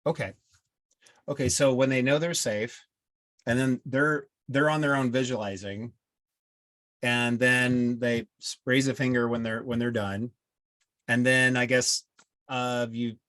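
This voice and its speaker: A man who is a group member in a casual group discussion, speaking hesitantly and halting as he goes. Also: mid-range voice, flat delivery, a bit bright, no room sound. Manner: hesitant, halting, restarts often.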